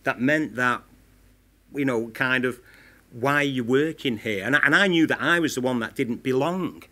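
A Northern English man in his fifties speaks from a stage at a live Q&A, his Manchester vowels plain in every phrase. He talks in a candid, tumbling stream, piling up stories and leaning on "you know" as he goes. His voice sits at an everyday middle pitch. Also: bright, forceful tone. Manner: rapid, repeats 'you know' often, restarts. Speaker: former TV presenter, panel guest. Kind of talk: candid anecdotal talk at a live Q&A. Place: stage at a live film-institute Q&A event.

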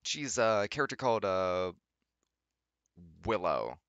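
A young man with a low but bright voice rants sarcastically about bad writing from his computer. His pitch leaps all over as he mocks and groans, and the sound is close and dry. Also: sing-song, takes it slowly, no room sound, dull audio. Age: young adult. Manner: exasperated, mocking rants with profanity. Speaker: channel host reading fanfiction aloud. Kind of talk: sarcastic reading commentary.

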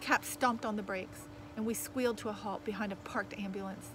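A woman reading a children's novel aloud in lively, expressive first-person storytelling. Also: mid-range voice, brisk, noisy background. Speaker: audiobook reader.

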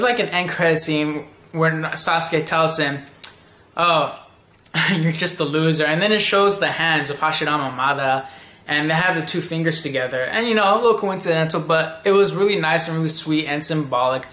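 A man's voice: on the high side, bright, forceful tone, roomy sound. A man giving a casual, rambling anime episode review, often acting out characters' lines.

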